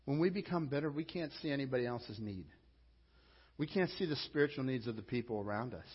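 A man's voice: medium pitch, animated, fairly quick, husky. A male pastor delivering a sermon in an emphatic, conversational way. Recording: lo-fi with long hall reverb.

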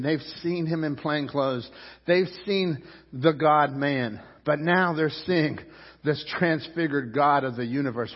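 A man's voice: fairly high pitch, dull audio. Conversational male pastor preaching in a hall. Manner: conversational, repeats words, asks the crowd questions. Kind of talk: sermon.

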